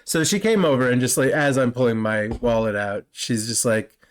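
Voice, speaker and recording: A man's voice: medium pitch, lively intonation, moderate pace, smooth. A man in his forties co-hosting a podcast, chatting in a wry, amused way. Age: 40s. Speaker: podcast co-host. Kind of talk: casual chat.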